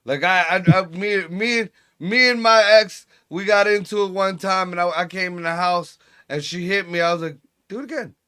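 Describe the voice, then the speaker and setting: A man's voice: sits high, fairly even intonation, normal speed, hardly any pauses, sharp tone, clear, resonant tone. A middle-aged man co-hosting a casual podcast chat, telling crude stories full of swearing. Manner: crude, profane storytelling. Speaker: podcast co-host.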